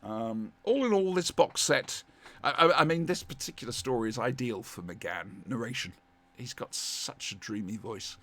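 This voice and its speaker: A man's voice: medium pitch, animated, moderate pace, a bit bright. A man hosting a casual live stream, rambling and self-mocking with lots of fillers. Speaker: livestream host.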